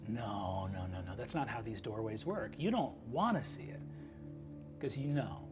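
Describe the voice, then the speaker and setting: Brief: man putting on a taunting she-devil cat spirit from a tabletop game, breathy half-whisper, low and sly, music underneath. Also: lively intonation, moderate pace, lightly acted. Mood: conspiratorial. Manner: taunting, conspiratorial. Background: background music.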